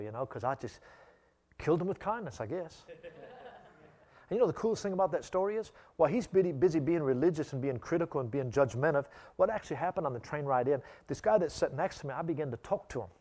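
A man with a somewhat high voice, preaching a sermon. He is emphatic and conversational and often repeats himself as he tells stories to the congregation. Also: a little mellow. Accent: non-local accent, not Australian. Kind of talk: sermon with personal storytelling.

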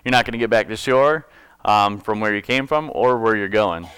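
Speaking at a normal speed in a fairly low, slightly bright, smooth voice with no room sound, this preacher gives a casual sermon. He reads scripture, explains it conversationally, corrects himself, and jokes with the congregation.

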